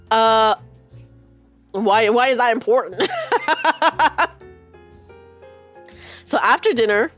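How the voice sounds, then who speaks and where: A woman's voice: on the high side, fairly bright tone. A woman in her thirties chatting with her stream viewers from her room, telling a rambling story full of fillers and swearing now and then. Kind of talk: casual chat with live viewers.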